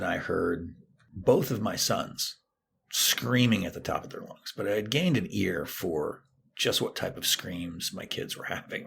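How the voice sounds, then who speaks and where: Middle-aged guy with a low gravelly voice telling a story, bit of hiss behind him. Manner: animated storytelling, acting out quoted lines. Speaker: therapist and author, podcast guest. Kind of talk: storytelling in a podcast interview.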